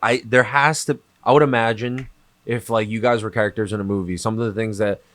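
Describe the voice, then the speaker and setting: A man's voice: fairly low pitch, fairly even intonation, fairly quick, a bit bright, dry recording. A man with an American accent hosting a podcast, talking in a laid-back, slangy way with many fillers. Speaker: podcast host. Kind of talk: casual chat.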